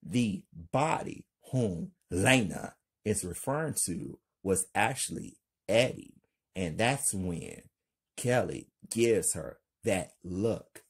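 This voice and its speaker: A man's voice: low-pitched, big pitch swings, husky. A man narrating a homemade thriller story as channel host, hyped and repetitive. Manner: hyped, repetitive, drawn-out delivery.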